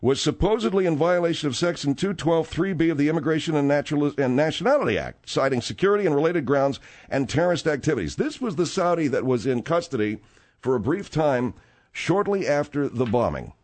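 A middle-aged man hosts a talk-radio show with a lively, swooping delivery. He rambles through stories in a casual way, full of fillers and asides. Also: on the high side, brisk. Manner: rambling and animated, with frequent fillers.

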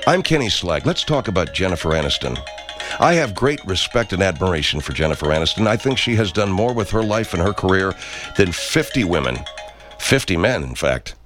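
Very deep, solemn-sounding man. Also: sing-song, fairly quick, over music. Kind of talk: improvised comedy sketch.

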